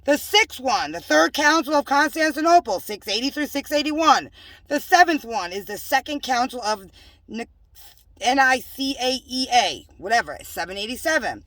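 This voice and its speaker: A woman's voice: high voice, lively intonation, moderate pace, fairly bright tone, no echo, recorded from a distance. A woman preaching in a home-made religious video, emphatic and scolding, with joking asides. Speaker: self-styled religious preacher.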